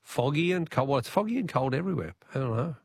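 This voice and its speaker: A man's voice: mid-range voice, animated, quick pace, creaky, slightly rough, no echo. A man with an Australian accent hosting a radio quiz, chatty and jokey, laughing often. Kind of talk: casual radio talkback.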